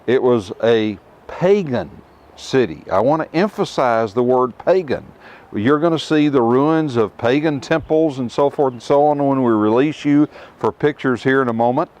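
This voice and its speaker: A middle-aged man teaching scripture outdoors to a tour group, emphatic, with rhetorical questions and dramatic pauses. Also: mid-range voice, darkish tone. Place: outdoors at ruins.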